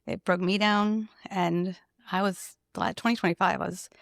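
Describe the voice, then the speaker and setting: A woman who owns a salon, telling an emotional personal story in an animated, conversational way and laughing often. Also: lowish voice, moderate pace, gravelly, no echo, studio quality. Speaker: salon owner.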